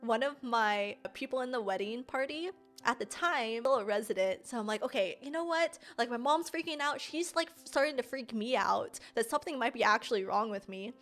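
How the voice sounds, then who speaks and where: A young woman streamer telling a personal story casually, animated and slangy, often laughing. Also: fairly high pitch, brisk, soft background music.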